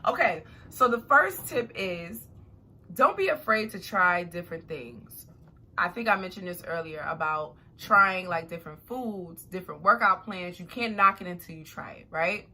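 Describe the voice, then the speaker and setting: A young adult woman vlogger talking casually to her viewers, chatty and animated. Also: on the low side, moderate pace. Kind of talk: casual talk to camera.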